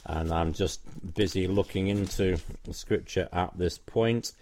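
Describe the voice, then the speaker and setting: A man's voice: sits low, a little slow, darkish tone, slight background noise. A man teaching from the Bible on a personal recording, explaining verses earnestly and quoting scripture aloud, with frequent ums and uhs. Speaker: preacher recounting a doorstep discussion.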